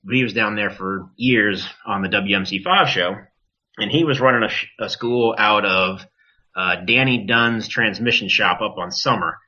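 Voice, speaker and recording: A man's voice: fairly low pitch, moderate pace. A man who wrestles, guesting on a podcast, telling a story casually and animatedly, swearing and acting out other people's lines. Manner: animated, profane, acts out quoted voices. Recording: dull lo-fi podcast audio.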